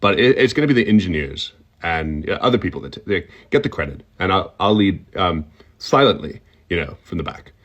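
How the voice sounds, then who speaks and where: A man doing a comic impression of a middle-aged tech-mogul man, halting and rambling with a heavy, unpredictable stutter and a whistling, sibilant accent at the front of the mouth. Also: low-pitched, big pitch swings, a bit bright, dull audio, exaggerated voice. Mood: earnest. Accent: sibilant front-of-mouth accent, slightly whistling S.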